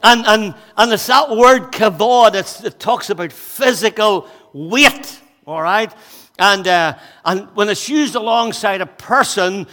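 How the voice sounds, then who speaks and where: Breathless preacher in a reverberant hall. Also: male voice, high-pitched, slow. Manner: energetic, conversational preaching with jokes and asides. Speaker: pastor. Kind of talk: sermon.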